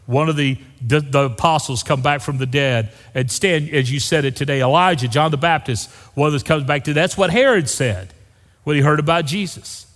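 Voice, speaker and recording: A male pastor preaching a sermon, emphatic and dropping to hushed lows on key phrases. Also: normal speed. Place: church sanctuary. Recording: long reverb of a church hall.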